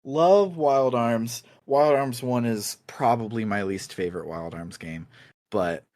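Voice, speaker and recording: A man talks in a relaxed, meandering way as he co-hosts a video game podcast, often laughing. His voice sits a little low, and the recording is close and dry, with no room sound. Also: unhurried, no room sound. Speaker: podcast co-host. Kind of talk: casual chat about video games.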